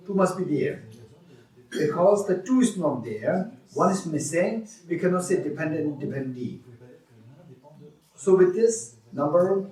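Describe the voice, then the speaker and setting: A man's voice: a little high, expressive, unhurried, darkish tone, recorded from a distance. Man teaching in an echoey hall. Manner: questioning, repeats himself, laughs with students. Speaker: Buddhist teacher. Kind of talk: dharma teaching with questions to students.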